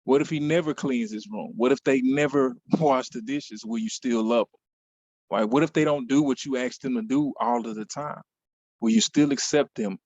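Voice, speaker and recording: A man's voice: medium pitch, darkish tone, lo-fi sound. Man giving a motivational talk online. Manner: conversational, repeats phrases for emphasis, asks "right?".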